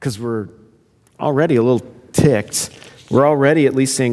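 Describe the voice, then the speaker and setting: A man's voice: mid-range voice, normal speed, a little mellow, big-room sound. A man pastor preaching a sermon in an earnest, conversational way. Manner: conversational, earnest, self-interrupting.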